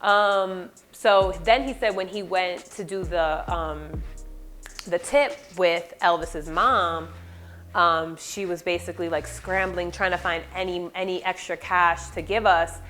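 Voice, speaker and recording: A woman, a former party clown telling stories in a casual vlog, profane and animated, with sound-effect fillers. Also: on the low side, measured pace, soft background music.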